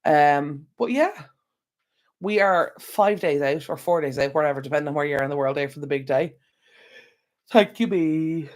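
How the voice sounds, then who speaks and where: A man with an Irish accent hosts a casual live stream from home, his voice a little high and his pace moderate. He sounds tired and yawns as he rambles, chatting straight to his viewers through an external microphone.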